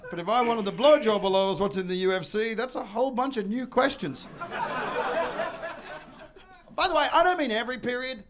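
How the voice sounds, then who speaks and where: A man doing a stand-up comedy set, brash and loud, bursting into shouts and mock voices. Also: very high voice, a little fast, pauses often, crowd noise. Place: comedy venue with audience.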